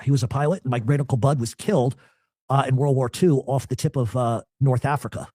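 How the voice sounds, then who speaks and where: A man's voice: medium pitch, a little fast, no echo, clean studio sound. A man telling a long, profane family story in casual talk, animatedly acting out what people said. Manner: profane, animated, acts out quotes.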